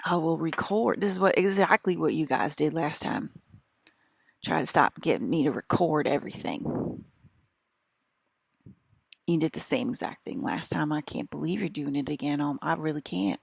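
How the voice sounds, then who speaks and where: Woman, American country accent, gravelly, agitated, swearing, repetitive rambling monologue. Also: low-pitched, moderate pace, no echo, studio quality. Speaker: vlogger.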